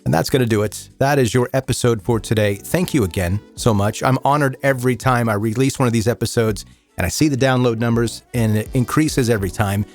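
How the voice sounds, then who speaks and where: Male true crime podcast host over soft music. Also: mid-range voice. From American South. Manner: measured, somber storytelling then relaxed and chatty. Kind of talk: true crime narration and casual listener chat.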